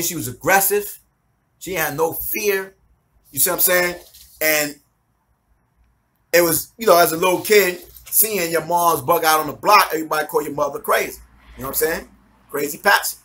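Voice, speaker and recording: A man gives his personal testimony before a congregation. His voice sits high and sounds sharp and bright. He tells the story animatedly, slipping into the voices of the people in it. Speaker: minister giving his testimony.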